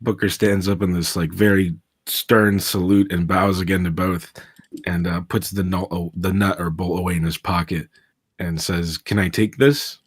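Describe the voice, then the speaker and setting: Husky deep-voiced male player. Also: level tone, moderate pace, no room sound, clean studio sound. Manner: hesitant, stumbling, descriptive. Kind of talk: tabletop game play.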